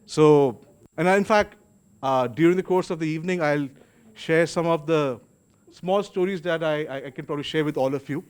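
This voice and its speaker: A man's voice: a little high, moderate pace, clear, resonant tone. Indian man hosting an event, chatty. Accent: Indian English. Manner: chatty, warm-up remarks with many restarts and fillers. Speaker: host and moderator. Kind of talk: casual public speaking at an event. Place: event hall.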